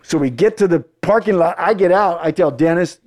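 A middle-aged American man, an actor, telling stories in casual chat, animated and profane, acting out the voices of the people in them. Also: high voice, fairly quick. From United States. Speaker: actor guest. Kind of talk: casual storytelling.

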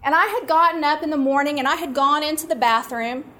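A middle-aged woman leading a women's conference breakout, teaching from scripture through a personal story told with animated, self-mocking humor. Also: high-pitched, fast talker. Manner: warm, animated storytelling, laughing at herself.

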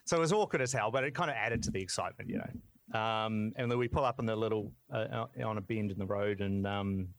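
A man's voice: lowish voice, a little fast. A young man, a podcast guest, telling a candid story in casual talk and laughing through it.

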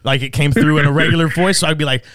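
A man's voice: on the high side, fairly even intonation, racing, a bit bright, no echo. A man hosting a podcast, chatting casually, laughing and swearing.

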